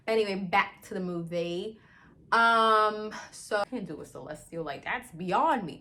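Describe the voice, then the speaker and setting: Excitable slangy young woman vlogger. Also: medium pitch, a little slow. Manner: slangy, excitable retelling with lots of "like". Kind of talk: casual movie review chat.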